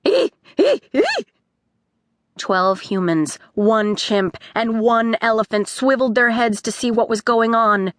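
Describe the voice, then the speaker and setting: Lady reading a kids audiobook, slow and expressive, high-ish voice, dry close sound. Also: no echo. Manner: expressive storytelling. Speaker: audiobook narrator. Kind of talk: scripted audiobook narration.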